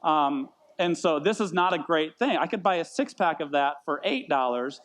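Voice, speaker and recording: A man's voice: fairly high pitch, animated, moderate pace, fairly bright tone. A man in his thirties preaching a casual sermon, rambling and self-deprecating, often repeating words as he tells stories. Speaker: pastor. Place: church meeting in a brewery.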